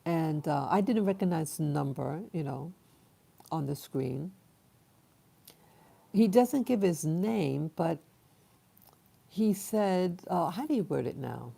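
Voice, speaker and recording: Low gravelly woman vlogging, slow and rambly, lots of ums. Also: animated, dark tone. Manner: halting, many fillers and restarts. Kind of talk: rambling personal storytelling.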